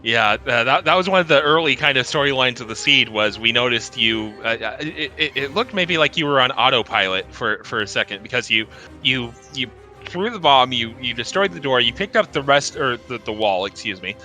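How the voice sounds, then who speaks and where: A man's voice: mid-range voice, lively intonation, fairly quick, pushed and bright, faint music behind. A man commentating and interviewing racers after a race, chatty and rambling, laughing often. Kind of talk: casual post-race interview.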